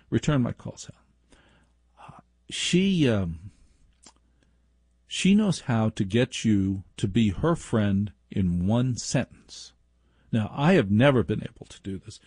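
A man's voice: medium pitch, vocal fry, darkish tone, breathy edge, no room sound, studio quality. A middle-aged man hosting a talk radio show, telling a story with self-deprecating humor. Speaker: radio host.

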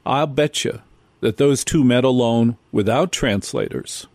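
A man's voice: mid-range voice, a little slow, darkish tone, no room sound. Man, talk radio host, emphatic, repeats himself, dry studio sound. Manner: emphatic, repeats key points again and again.

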